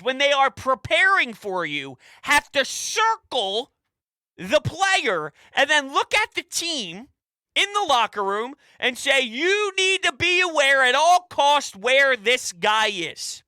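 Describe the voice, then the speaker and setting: A man hosts a sports talk show with a bright, forceful voice. His pitch jumps all over as he rants emphatically, shouting one moment and dropping to quiet asides the next. The sound is dry and close. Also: big pitch swings, takes it slowly, no room sound. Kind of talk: fired-up sports radio rant.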